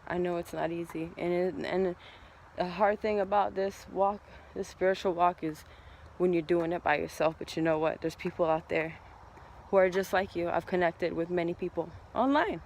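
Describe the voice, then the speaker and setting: Man, tarot reader, casual spiritual vlog, high pitch, gravelly fry, rambling, heartfelt. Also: normal speed, slight background noise.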